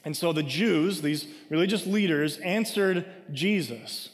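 Male pastor, higher register, casual emphatic sermon delivery with lots of "right?", long hall reverb. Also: unhurried. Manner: conversational preaching with frequent "right?" asides; emphatic, acts out scripture quotes.

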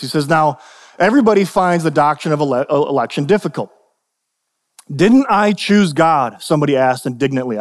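A man's voice: medium pitch, long reverb tail. A young adult man preaching a sermon as pastor, casual and conversational, often restarting and checking in with "right?".

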